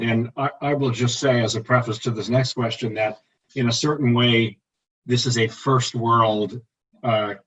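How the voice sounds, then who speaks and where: Guy interviewer, calm and measured, sounds far off on a muffled call line. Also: medium pitch, slightly rough. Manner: measured, long framing questions. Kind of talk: moderated conversation.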